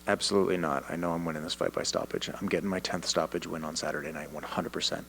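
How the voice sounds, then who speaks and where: A man from Canada, a fighter at a media day, answering reporters' questions with confidence and animated storytelling, often restarting his sentences. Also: sits low, quick pace, creaky, slight background noise, low-quality recording. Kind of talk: press interview answers. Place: media day press room.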